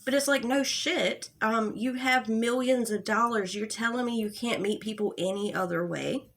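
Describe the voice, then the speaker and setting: A young woman with a fairly high voice rants in an exasperated, sarcastic commentary. She swears freely and sounds fed up. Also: normal speed, a bit bright. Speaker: commentary YouTuber. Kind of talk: angry commentary rant.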